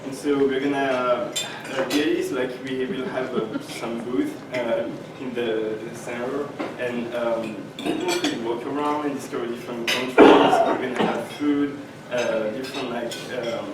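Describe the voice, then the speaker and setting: Young man, halting club announcement; distant mic, dish clatter. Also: medium pitch, fairly even intonation. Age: young adult. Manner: halting, many fillers and restarts. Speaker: exchange student presenting. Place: meeting room with breakfast tables. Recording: echoey room, far mic, dish noise.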